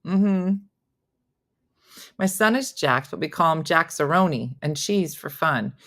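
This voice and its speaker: A woman's voice: low-pitched, measured pace. A middle-aged woman hosting a casual morning chat show, telling family stories and acting out the voices in them. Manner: animated, acts out voices in her stories. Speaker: morning show host reading viewer comments.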